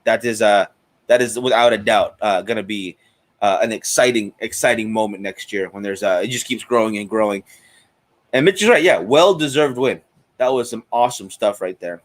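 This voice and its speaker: A man's voice: lowish voice, normal speed. A man hosting a live cigar stream in a chatty, casual way, greeting viewers by name. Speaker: host of a cigar show.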